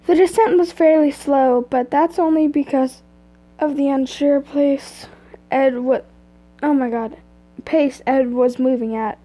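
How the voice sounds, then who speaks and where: A young woman with a cold reads a story aloud, clearing her throat and breaking off into casual chatter between passages. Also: sits high, fairly even intonation, a little slow, warm tone, low-quality recording. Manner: chatty asides that break off the reading. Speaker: fan fiction reader. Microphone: phone screen recording.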